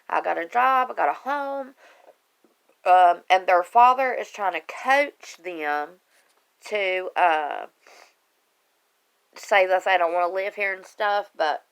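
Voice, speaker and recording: A woman with a lowish, gravelly voice that's a bit bright yet clear and resonant shares her personal story with her online group. Looking straight into the camera for this casual live video, she talks earnestly and emotionally, wandering a little.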